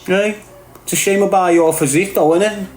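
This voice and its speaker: A middle-aged Liverpool man with a Scouse accent hosts a casual livestream rant, his high-pitched voice steady, fairly quick, and darkish in tone. His banter is mocking and streetwise, he laughs often and calls everyone "lad." The recording has roomy echo and faint music.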